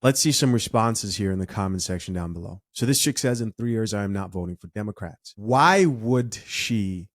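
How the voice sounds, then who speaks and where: A man hosting a commentary video, calmly reading out viewer comments. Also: lowish voice, no room sound, studio quality. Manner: measured, reads comments aloud. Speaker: commentary host.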